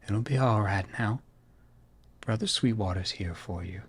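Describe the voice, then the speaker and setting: A man voicing a sweet-voiced, creepy vampire reverend who soothes in hushed whispers. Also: lowish voice, unhurried, slight background noise, lightly acted. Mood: soothing. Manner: hushing, whispered.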